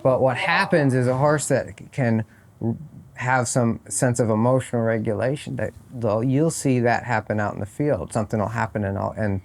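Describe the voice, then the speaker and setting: A man's voice: medium pitch, normal speed, gravelly, a little hiss or hum. A man talking as a guest on a podcast, thoughtful and often restarting his phrases, at a horse competition. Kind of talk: casual interview chat.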